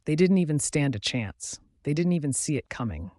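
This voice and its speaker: A man giving steady first-person audiobook narration of a scripted story. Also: on the high side, a little fast, dry recording, studio quality.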